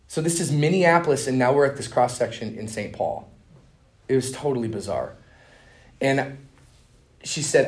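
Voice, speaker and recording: A young man teaches a conference master class, telling stories casually and earnestly, with slang and restarts. His fairly high-pitched voice is animated and moves at a normal speed.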